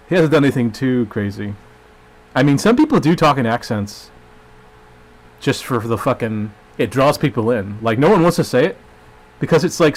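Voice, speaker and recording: Rambling, profane man with an Arkansas drawl. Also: mid-range voice. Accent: Arkansas Southern US. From Arkansas, USA. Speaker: streamer. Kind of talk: rambling live-stream monologue.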